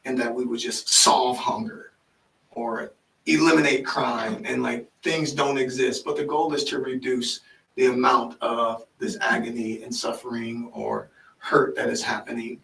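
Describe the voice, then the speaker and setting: Gravelly-voiced man hosting in an echoey room. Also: mid-range voice, a little slow, slight background noise. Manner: animated, frequent affirming "mm-hmm", restarts when excited. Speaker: podcast host and life coach. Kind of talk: casual interview chat. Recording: echoey room, mic at a distance.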